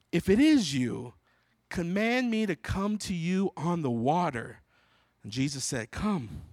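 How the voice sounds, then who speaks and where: Man preaching with lively acted quotes. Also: a little high, dry recording, clean studio sound. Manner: expressive, acts out Bible voices, loud on quotes. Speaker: pastor. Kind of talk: sermon.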